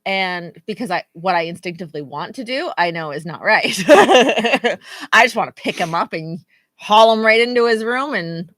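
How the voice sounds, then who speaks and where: A woman's voice: mid-range voice, expressive, moderate pace, fairly bright tone, no room sound, clean studio sound. A tired woman in her thirties, co-hosting a podcast and chatting casually, rambling with lots of fillers. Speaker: podcast co-host. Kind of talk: casual chat.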